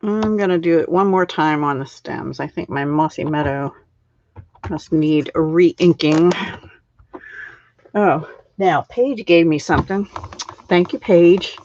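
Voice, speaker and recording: A woman's voice: sits low, measured pace, long pauses, a little mellow. A middle-aged woman hosting a card-making live stream, chatting casually and laughing at her own slips. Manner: chatty, self-deprecating, laughs often. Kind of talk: casual crafting demo chat. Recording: dull lo-fi sound.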